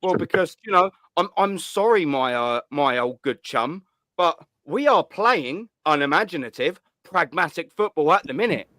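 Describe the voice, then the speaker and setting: A man's voice: on the high side, expressive, moderate pace, pushed and bright, dry recording. Blunt sweary man hosting. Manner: blunt, sweary banter with rising emphasis. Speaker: host. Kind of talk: casual call-in chat.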